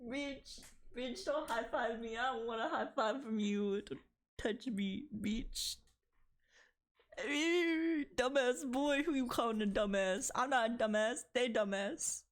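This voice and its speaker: A woman with a fairly high voice speaks slowly while streaming her drawing. She chats casually with a friend and her chat, laughing often and swearing freely.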